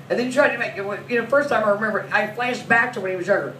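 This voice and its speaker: Fast and fairly bright, her mid-range voice has lively intonation as she laughs her way through profane comic tales of her son and her massage clients. The speaker is a woman in her forties, a massage therapist performing stand-up storytelling at a comedy club. The sound is distant, echoey, and noisy.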